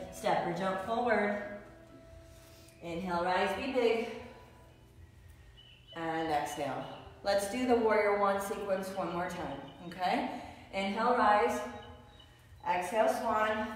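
Woman calling yoga cues, very echoey room. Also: medium pitch. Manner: calls out short rhythmic pose cues, encouraging. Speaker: yoga instructor. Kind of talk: guided yoga class cues. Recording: distant echoey hall with faint music.

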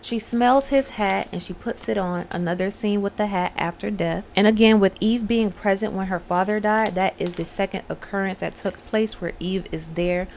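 Addressing her audience straight on, a young woman casually retells a movie for her channel, performing the characters' dialogue as she narrates. She talks at a normal speed with few pauses, in a medium-pitched, slightly mellow voice, and there's a little hiss or hum on the recording.

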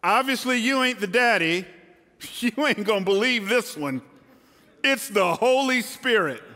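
A woman's voice: a little high, unhurried, pitched above the performer's own voice. A pastor putting on a sassy young mother-to-be. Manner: playful, slangy, lively. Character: young pregnant woman breaking surprising news, sassy. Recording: long hall reverb, faint music.

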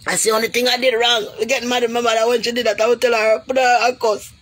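Fairly high-pitched and bright, she talks fast in a level tone. This Jamaican woman vlogs directly to camera in an emotional, pleading, preachy way, using heavy creole grammar and calling her audience "goody."

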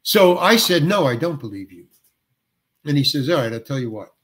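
An older male actor, a guest, telling a long anecdote and acting out the other people's dialogue with lively shifts of voice. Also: fairly high pitch, normal speed. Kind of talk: storytelling anecdote.

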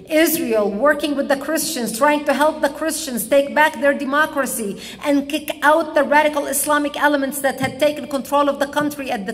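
A woman from Lebanon giving an impassioned public speech, telling stories slowly with emphatic pauses. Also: sits high, in a large hall. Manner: dramatic storytelling, slow emphatic pauses. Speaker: public speaker. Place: public event hall.

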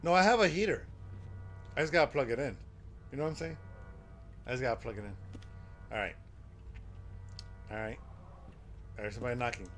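A man giving live commentary while playing a horror game, excitable and exclaiming and swearing at the scares. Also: mid-range voice, brisk, long pauses, slight background noise. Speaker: game streamer.

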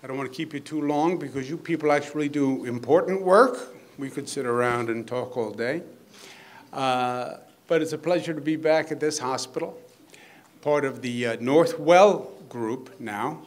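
A man's voice: medium pitch, moderate pace. A man speaking as a governor at a hospital event, talking off the cuff with teasing jokes and earnest praise. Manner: joking, teasing asides mixed with earnest praise. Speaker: state governor giving a speech. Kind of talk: off-the-cuff public speech.

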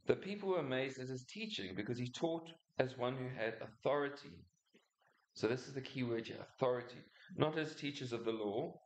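A man preaching a relaxed, conversational sermon in a church, his voice at an ordinary middle pitch. He stumbles and restarts often and throws in asides to the people listening. The room is echoey. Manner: chatty, halting, many restarts and asides. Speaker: pastor. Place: church hall.

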